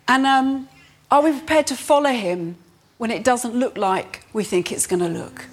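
Earnest woman preaching a sermon. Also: on the high side. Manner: earnest, rising with emphasis, slows for scripture.

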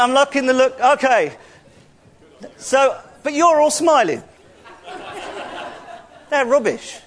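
A man leading a playful, interactive sermon, joking with the congregation and calling out to them loudly. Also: very high voice. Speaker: church speaker.

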